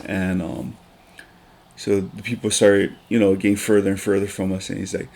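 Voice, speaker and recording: A man, talking on a casual podcast in a deep voice. His tone is gravelly and full of vocal fry. He speaks earnestly, with frequent ums and restarts. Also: moderate pace, darkish tone. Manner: earnest, emotional, with many fillers and restarts. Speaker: teacher.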